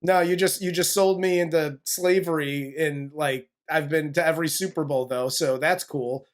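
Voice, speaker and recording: A man's voice: fairly high pitch, fairly even intonation, moderate pace, close to an everyday voice. A man doing a bitter, sarcastic sold-off brother. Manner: mocking, sarcastic.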